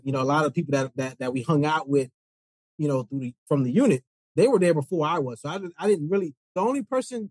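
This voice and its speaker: A man on a podcast, telling a story in casual chat and halting over many fillers. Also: fairly high pitch, a little mellow, dry recording, poor audio. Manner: halting, filler-heavy talk. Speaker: podcast co-host.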